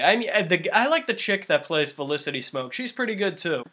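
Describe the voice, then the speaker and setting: A man's voice: sits high, lively intonation, fast talker, fairly bright tone, slightly rough. A man giving a casual, rambling review of a TV season, full of fillers. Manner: rambling, filler-heavy, lots of "like". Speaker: show reviewer.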